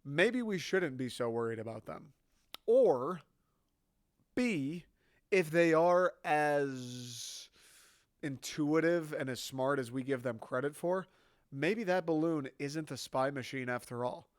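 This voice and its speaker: A man's voice: on the high side, expressive, slow, no echo, clean studio sound. A man from the United States giving a sarcastic, swearing comedy rant. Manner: sarcastic, ranting, swearing freely. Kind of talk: stand-up style rant.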